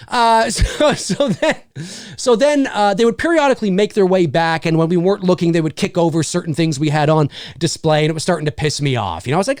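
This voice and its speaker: A man in his forties rants to the camera in a casual vlog, his voice gravelly with fry. His delivery swings widely up and down as he curses and jokes. The sound is dry and close, with no room echo. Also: fairly high pitch, fast. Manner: animated, profane, comically ranting. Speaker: YouTube host.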